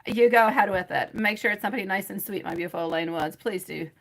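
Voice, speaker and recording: Chatty woman doing live tarot, bright voice, keeps laughing and calling everyone sweetie. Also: medium pitch, fast. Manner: rambling and chatty, calls viewers by pet names; laughs often. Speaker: tarot reader. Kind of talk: live-stream tarot reading and chat with viewers.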